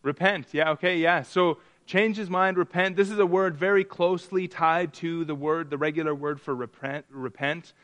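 A man preaches with a fairly high pitch, a slightly bright tone and fairly even intonation, keeping a moderate pace with few pauses. The sermon is interactive and conversational, full of questions for the congregation, with frequent restarts and repetitions.

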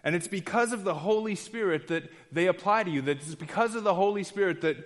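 A man's voice: high voice, fast talker, long reverb tail. A man preaching an expository sermon in an earnest, emphatic way, repeating key phrases and restarting often.

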